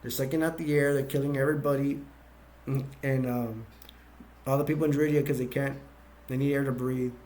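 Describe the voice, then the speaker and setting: A man's voice: medium pitch, steady tone, brisk, long pauses, a little mellow, a little hiss or hum. A man casually retelling a movie's plot in a rambling way, with many restarts and fillers. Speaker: movie reviewer.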